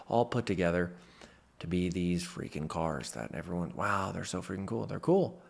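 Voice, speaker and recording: A man's voice: on the low side, darkish tone. A man in a motivational talk to camera, a mentor who speaks emphatically and stresses his points with "freaking".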